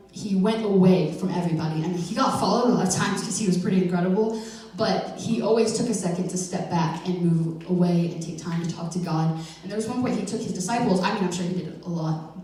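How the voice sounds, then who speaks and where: A woman's voice: lowish voice, darkish tone. A young woman giving an informal church message, chatty and playful, with lots of fillers and self-corrections. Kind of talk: informal sermon. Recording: echoey hall from far off.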